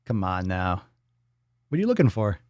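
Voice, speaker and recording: A man's voice: sits low, very animated, moderate pace, darkish tone, no echo, clean studio sound. Playful, swearing male livestream host. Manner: playful, cusses freely; coos at his dog in baby talk. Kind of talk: casual livestream chat.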